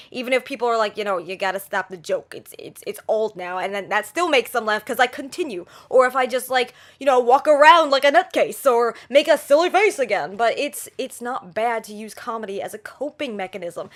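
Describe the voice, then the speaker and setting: A young woman talks straight to her viewers in a lively, joking way. Her voice sits high, and she gestures as she talks. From New Jersey, USA. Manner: animated, talks with her hands, jokey. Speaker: channel host. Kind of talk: casual advice vlog.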